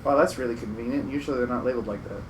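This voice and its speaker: A man's voice: medium pitch, very fast, slight background noise. A man streaming a video game with a friend, joking and going on mock rants. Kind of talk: casual gaming commentary.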